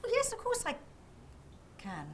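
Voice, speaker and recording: A woman's voice: extremely high pitch, huge pitch swings, unhurried, slight background noise, heavily acted. An actress playing a flustered woman who talks a lot and over-explains herself after a blunder. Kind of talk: TV drama acting.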